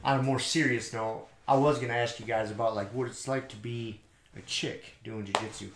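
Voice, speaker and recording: A man hosting a podcast, telling a story in a casual, animated way, swearing and acting out both sides of an argument. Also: medium pitch, fairly quick, reverberant. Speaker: podcast host.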